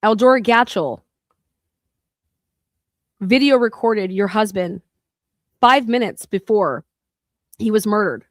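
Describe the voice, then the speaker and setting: A woman's voice: medium pitch, lively intonation, takes it slowly, long pauses, dry recording, clean studio sound. A woman podcast host delivering a heated, profane rant in an angry monologue.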